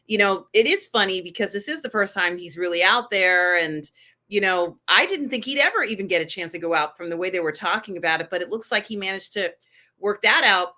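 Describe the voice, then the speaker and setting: A woman's voice: medium pitch, animated, brisk, bright, forceful tone. A woman co-hosting a casual TV review chat, enthusiastic and chatty with lots of fillers. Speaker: podcast co-host.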